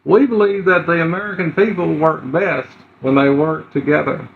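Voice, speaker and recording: A man's voice: a little high, steady tone, normal speed, gravelly, pitched above the performer's own voice. A man doing an impression of a former male president making an earnest speech. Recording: roomy, dull lo-fi livestream audio.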